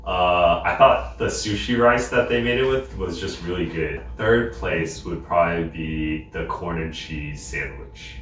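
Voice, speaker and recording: A soft-spoken man with a very low voice calmly shares his favorite dishes in a casual food review. He is picked up from a distance in an echoey restaurant, with a faint rumble behind. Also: unhurried, few pauses. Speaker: co-host. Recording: echoey room, mic far off, faint rumble.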